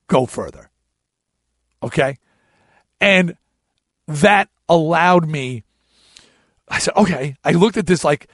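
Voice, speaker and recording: A man's voice: fairly high pitch, no echo, studio quality. A middle-aged man telling a casual story to his listeners in a blunt, profane way, with many restarts. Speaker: podcast host.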